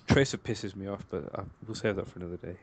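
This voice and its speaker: A man's voice: sits low, fast, vocal fry, darkish tone. A man from England chatting casually on a podcast, hedging a lot with filler phrases. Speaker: podcast co-host. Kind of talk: casual chat.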